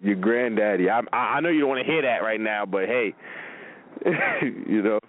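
A man's voice: on the low side, huge pitch swings, normal speed, dry recording. A man hosting a radio show, chatting casually with callers in a laid-back way full of fillers. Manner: laid-back, filler-heavy talk with frequent laughs. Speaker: radio host. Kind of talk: casual on-air chat with callers. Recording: phone-like narrow radio audio with faint noise.

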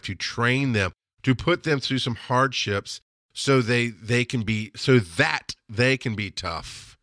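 A man's voice: medium pitch, fairly bright tone, no echo, clean studio sound. A man in his thirties or forties hosting a casual solo podcast, telling rambling stories and acting out the people he quotes. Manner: rambling storyteller who acts out quoted voices. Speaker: podcast host.

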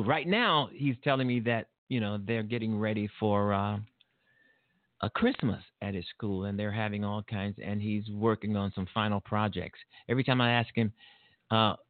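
A man's voice: mid-range voice, normal speed, dry recording. A middle-aged man hosting a casual talk show, rambling and repeating himself as he talks about his son. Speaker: show host. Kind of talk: casual monologue. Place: home studio. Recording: tinny phone-like line.

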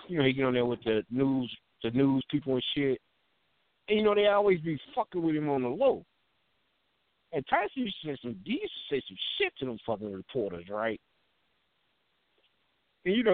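A man's voice: on the high side, no room sound. A man co-hosting a radio talk show, telling stories in casual, profane chat. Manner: animated storyteller, swears a lot. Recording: phone-like narrow band.

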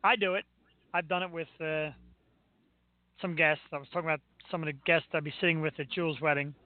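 A high-pitched man chatting casually as a radio host, spinning lively anecdotes. His voice comes through a thin, phone-like band. He keeps the banter quick and playful. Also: no room sound. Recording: tinny phone-like line.

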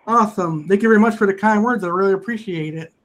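A man's voice: high-pitched, fast talker, fairly bright tone. A man hosting a casual internet radio show, upbeat and repeatedly thanking callers. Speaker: host.

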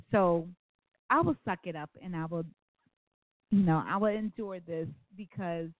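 Hosting a call-in radio show, a woman with a mid-range voice shares stories in an earnest, rambling way full of asides. The sound is phone-like and dry, with no echo.

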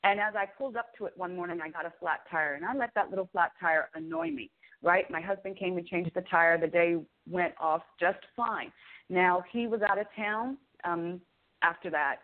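A woman guest in an interview, explaining spiritual ideas in an earnest, preaching way and telling stories with animated delivery. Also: on the low side, moderate pace. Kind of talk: conversational interview. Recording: phone-like remote call audio.

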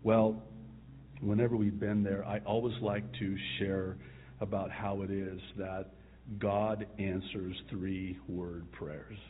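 A male pastor preaching a sermon, telling the story with chuckles and soft asides. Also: fairly low pitch, a little hiss or hum. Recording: tinny phone-like sound.

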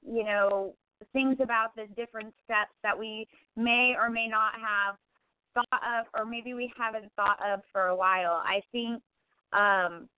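A woman hosting a reflective spiritual talk show, thoughtful and pausing often. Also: on the high side, no echo. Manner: thoughtful, many filler pauses. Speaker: podcast host. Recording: tinny phone-line sound.

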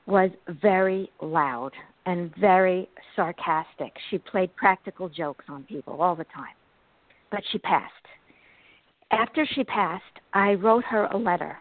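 A woman's voice: medium pitch, no room sound. A woman guest, a psychic medium, telling stories animatedly in an interview. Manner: animated, expressive storyteller. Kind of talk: interview storytelling. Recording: tinny phone-like line, dry.

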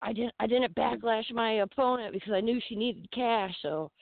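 A woman's voice: a little high, moderate pace, creaky, dry recording. Profane, laughing woman storyteller on phone line. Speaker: guest fighter. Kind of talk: casual podcast storytelling.

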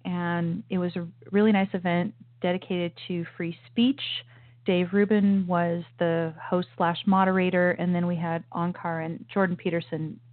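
A woman's voice: fairly low pitch, little pitch movement, moderate pace, no room sound. Opinionated woman host on a tinny line. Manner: opinionated, emphatic, many restarts and asides. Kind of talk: political commentary show. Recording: tinny phone-like sound, dry.

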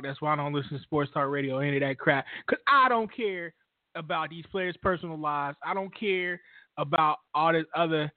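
A man with a slightly raised pitch gives his views on a sports talk show in a matter-of-fact, opinionated way. His voice comes through a narrow, phone-like line with no room sound. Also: no room sound. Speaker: co-host. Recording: dry, phone-like audio.

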